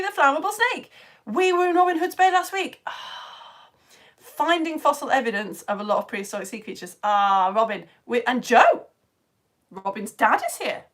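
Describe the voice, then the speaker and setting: A woman's voice: sits high, fairly bright tone. A woman from the UK teaching a live online science lesson, chatty and enthusiastic, laughing often as she reads out viewer comments. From United Kingdom.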